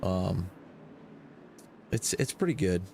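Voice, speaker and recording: A man's voice: sits low, lively intonation, slow, vocal fry, mellow. A man broadcasting a sim racing stream, mixing casual race commentary with joking banter and frequent laughter. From Michigan. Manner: laughs a lot, joking and loose.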